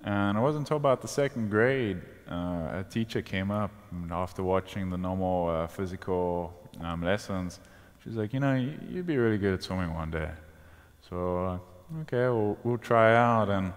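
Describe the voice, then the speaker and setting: A South African man in his twenties, telling his story as a guest in an interview on a church stage, relaxed and easygoing. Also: low-pitched, normal speed. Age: 20s. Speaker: guest swimmer. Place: church sanctuary. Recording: long reverb of a large hall.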